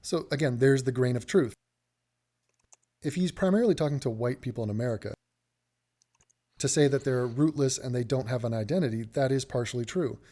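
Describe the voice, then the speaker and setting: A man giving reaction commentary, thinking out loud and acting out mock quotes. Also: medium pitch, brisk, long pauses. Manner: reasoning aloud, restarts, mock quotes.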